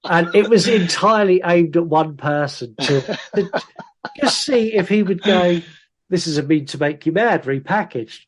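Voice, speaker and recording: A man's voice: high-pitched, moderate pace. A man co-hosting a casual podcast, animatedly reading out listener comments. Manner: animated, reads listener comments aloud with put-on voices. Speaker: podcast co-host. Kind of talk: casual chat.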